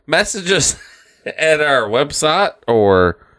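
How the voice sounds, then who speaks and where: A man's voice: big pitch swings, slow pace, a bit bright. A middle-aged man co-hosting a podcast, chatting casually with lots of swearing and rambling retellings. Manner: profane, rambling, acts out cartoon quotes in silly high voices. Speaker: podcast co-host. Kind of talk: casual chat.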